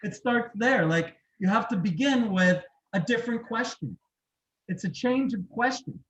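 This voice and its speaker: A man as a health coach leading a gentle self-love session, repeating soft questions to the group. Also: sits high, animated, moderate pace, muffled recording.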